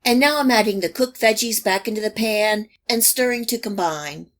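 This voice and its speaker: Calm and steady, a cooking channel host reads scripted recipe instructions step by step in a voice-over. She speaks with a mid-range voice at a moderate pace.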